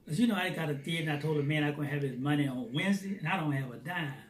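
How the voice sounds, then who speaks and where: Man, personal testimony, lively storytelling, distant mic, faint background noise. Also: fairly high pitch, very fast, echoey room. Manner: lively storyteller who acts out dialogue. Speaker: Christian theater founder.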